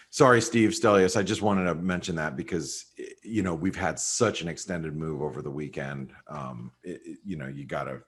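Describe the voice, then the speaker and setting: A man giving casual live market commentary on a webinar, rambling with lots of fillers and repeated words, heard over a video call. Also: very deep voice. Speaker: market analyst on a trading webinar.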